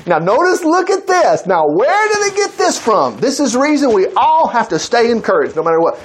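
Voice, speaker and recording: Animated, high-voiced preacher man. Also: fairly quick, breathy edge. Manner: animated, acting out voices, chuckling asides. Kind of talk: sermon retelling a Bible story.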